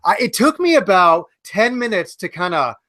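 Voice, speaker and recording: A man in his forties with a high-set voice and a dry, close sound, spinning a long profane story on a podcast. He acts out each person's lines as he goes. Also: normal speed, no echo. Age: 40s. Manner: animated anecdote with acted-out quotes, profane. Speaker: podcast panelist. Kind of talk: casual storytelling.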